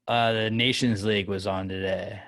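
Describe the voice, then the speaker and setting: A man's voice: on the low side, normal speed, dry recording, studio quality. Rambling American man on a sports podcast. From United States. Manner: rambling, animated, self-mocking, swears. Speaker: podcast co-host. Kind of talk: casual chat.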